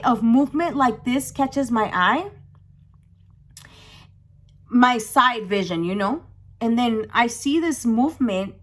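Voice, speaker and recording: Animated young woman telling a story. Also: fairly high pitch. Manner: animated, with dramatic gasps and frequent restarts. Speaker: vlogger. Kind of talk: storytime vlog, casual chat.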